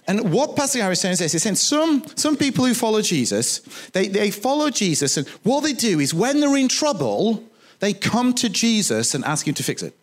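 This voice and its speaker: Preaching in church, a male pastor keeps things lively and chatty, adding humorous remarks for the congregation. His voice sits high and his pace is brisk.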